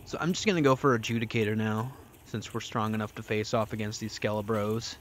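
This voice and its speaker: A man's voice: lowish voice, fairly even intonation, fairly quick, slight background noise. A man giving casual let's-play commentary, crude and profane, joking and talking back at the game as he plays. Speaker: gameplay streamer.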